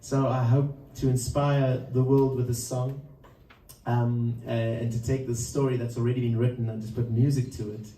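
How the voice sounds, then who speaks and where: Mellow man telling a story on stage. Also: mid-range voice, level tone, normal speed, slight background noise. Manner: loose, rambling storyteller with frequent chuckles. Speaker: musician introducing a song. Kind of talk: live storytelling between songs. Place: live performance room. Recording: roomy live sound from a distance.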